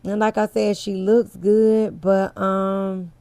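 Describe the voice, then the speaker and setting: A woman's voice: medium pitch, level tone, slow pace, mellow, no room sound. A woman hosting a casual commentary chat, talking straight to her viewers in a candid, chatty way and swearing freely. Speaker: host.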